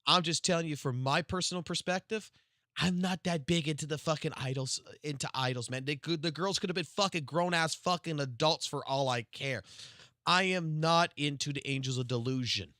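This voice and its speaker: Profane, excitable male game streamer. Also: a little high, moderate pace, no echo, studio quality. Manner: profane, excitable, swings from mutters to loud outbursts. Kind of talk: live stream reaction rant.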